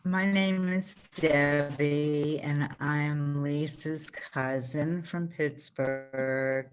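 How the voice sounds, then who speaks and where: Slow, flat-voiced woman offering condolences. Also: low-pitched, soft background music. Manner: slow, soft and sorrowful. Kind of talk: condolence message.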